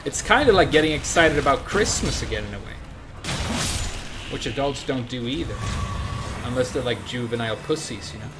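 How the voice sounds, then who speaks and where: A man's voice: mid-range voice, lively intonation, a little fast, background noise. A man in his thirties from Sweden, chatting casually in a rambling way while commenting on his own gameplay. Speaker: game streamer.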